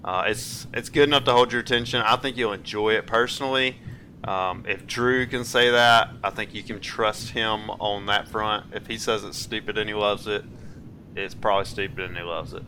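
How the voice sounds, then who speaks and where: A man in his twenties co-hosting a casual movie-review podcast, telling stories in an animated way and laughing often. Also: on the low side, normal speed, a little hiss or hum. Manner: animated storyteller who acts out quotes and laughs often. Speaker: podcast co-host.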